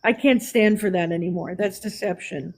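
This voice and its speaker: A woman's voice: mid-range voice, normal speed, darkish tone, a little hiss or hum, rough recording. A woman with a New York accent hosting a live stream, talking candidly in casual chat with restarts. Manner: chatty, candid, with restarts and laughs.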